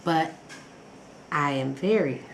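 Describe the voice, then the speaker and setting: A woman's voice: low voice, slow pace, vocal fry. A woman vlogger telling a personal story in a rambling, chatty way, full of fillers and restarts, acting out her own past reactions. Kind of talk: casual personal story vlog. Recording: echoey room with faint background noise.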